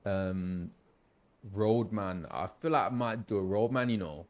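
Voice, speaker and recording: A man's voice: lowish voice, a little slow. A man streaming a video game and chatting casually with viewers, thinking aloud and laughing often. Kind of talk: casual live-stream chat.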